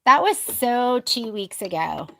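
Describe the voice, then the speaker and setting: A woman's voice: a little high, lively intonation, slow, gravelly, slight background noise. A young American woman teaching a casual live stitch-along, chatting with viewers as she works. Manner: chatty, talks to viewers while working. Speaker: sewing instructor.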